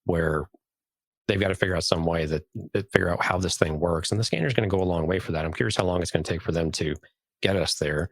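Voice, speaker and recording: A podcast co-host chats fast in a jokey, enthusiastic way. His voice is very deep with a husky edge. The sound is dry and close to the mic. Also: no room sound. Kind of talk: casual chat.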